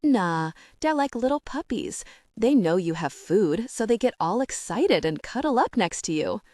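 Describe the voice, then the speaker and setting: A woman's voice: mid-range voice, very animated, normal speed, a little mellow, no room sound, close to an everyday voice. Woman reading upbeat beach-shop owner, friendly and easygoing, audiobook dialogue, dry close sound. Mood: cheery. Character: cheery easygoing man, surf shop owner.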